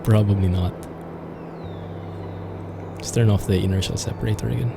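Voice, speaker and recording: Gravelly-voiced man chatting while streaming. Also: fairly low pitch, steady tone, moderate pace, noisy background. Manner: chatty, amused, rambling. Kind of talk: casual gameplay commentary.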